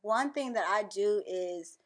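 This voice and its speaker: A woman's voice: mid-range voice, takes it slowly. A young woman, a guest telling candid, playful stories in casual chat. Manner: lively, candid, playful storytelling.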